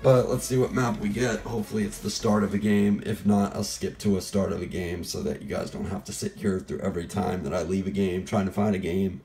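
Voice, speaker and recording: A young man whose voice is fading from illness commentates live on a shooter game, rambling and making jokes at his own expense. His low voice holds a steady, mellow tone, moving a little fast with few pauses over soft background music.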